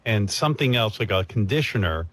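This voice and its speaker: A man's voice: on the low side, animated, a little fast, a bit bright, no echo. A man chatting casually on a radio show, rambling and self-mocking. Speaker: radio show host in a played clip.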